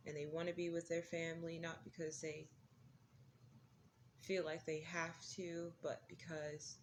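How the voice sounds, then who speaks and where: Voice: mid-range voice, level tone, measured pace, a little hiss or hum. A vlogger in a casual, rambling chat, laughing often and making fun of themself. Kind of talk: casual chat while smoking.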